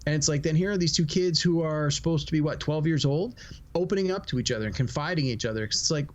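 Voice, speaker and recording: Male podcast co-host, slightly high pitch, thoughtful conversational delivery. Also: fast, lo-fi sound. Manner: reflective, repeats words while thinking. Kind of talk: casual movie review chat.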